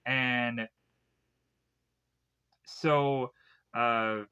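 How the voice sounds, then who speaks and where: A man's voice: medium pitch, steady tone, drawn-out words, bright, forceful tone, clean tone, highs cut off. A young adult man recapping a movie in a casual, rambling way full of fillers. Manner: rambling, filler-heavy retelling. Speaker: film reviewer.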